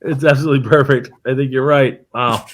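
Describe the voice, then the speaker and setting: A man co-hosting a casual podcast chat, relaxed and agreeable, drawing out his phrases. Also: medium pitch. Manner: relaxed, drawn-out phrasing, agreeable, lots of "you know what I mean". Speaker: podcast co-host.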